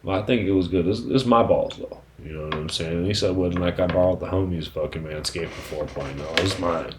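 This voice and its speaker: A man with a fairly low voice talks through a loose, profane solo podcast monologue, rambling from point to point. He drops filler phrases nonstop and swears freely. A faint hiss of background noise sits under the voice. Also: brisk. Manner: frequent "you know what I'm saying" fillers. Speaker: podcast host.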